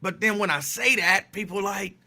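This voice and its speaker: High bright guy hosting a chatty stream, rambles, repeats himself for emphasis. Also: a little fast, creaky. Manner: chatty, digressive, answers chat comments. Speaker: talk show host. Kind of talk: casual live-stream talk.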